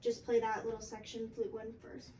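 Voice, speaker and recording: A young woman explaining a flute part in a casual, halting way with many fillers. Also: fairly high pitch, monotone, warm tone. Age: young adult. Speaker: flute teacher. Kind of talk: instructional music lesson. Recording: distant mic with faint background noise.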